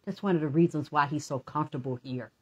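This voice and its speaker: A woman's voice: low voice, fast, breathy edge. A woman in a rambling personal rant, profane and accusatory, talking to absent people in long run-on streams. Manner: addresses absent people directly.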